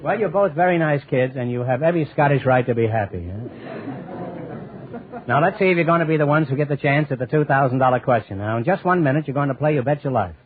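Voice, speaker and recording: A man's voice: a little high, expressive, brisk, a faint crowd. Wisecracking man hosting old radio quiz. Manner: wisecracking, teasing interviewer. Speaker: quiz show host. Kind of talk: 1950s radio quiz show banter. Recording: tinny old radio broadcast with loud studio audience.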